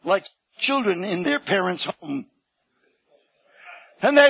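A man preaching a sermon with animated storytelling that swings into shouts. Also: high voice, measured pace, creaky, pauses often, slightly rough, muffled recording.

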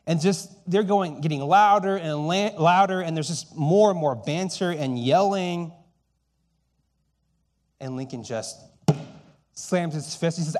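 A man preaching a sermon, telling stories and dropping between loud emphasis and hushed, quiet lines. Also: fairly high pitch, measured pace, long pauses. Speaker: pastor.

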